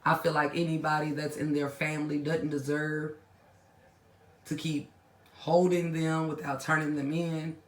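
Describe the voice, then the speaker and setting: A woman's voice: low-pitched, flat delivery, unhurried, roomy sound. A woman hosting a commentary channel, talking bluntly and in slang straight to her viewers, scolding and then winding down. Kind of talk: casual reaction commentary.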